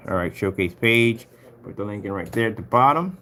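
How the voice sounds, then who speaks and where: A man's voice: on the low side, brisk, a bit bright. A man casually walking through editing his shop website, chatty and playful, talking to himself and a pet and slipping into sing-song chants. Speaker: online shop owner. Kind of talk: casual screen-recorded website walkthrough.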